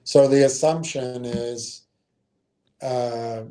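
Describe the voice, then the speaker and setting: A man's voice: medium pitch, fairly even intonation, very slow, mellow. A man hosting a casual stream about investing. He reads out an analysis and thinks aloud, with frequent ums and self-corrections. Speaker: stream host.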